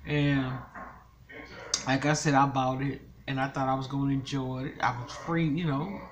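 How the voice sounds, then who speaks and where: A woman's voice: very deep voice, steady tone, normal speed, noisy background. An older woman and grandmother, talking casually to her viewers in a vlog, upset and pleading for advice. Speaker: mukbang vlogger.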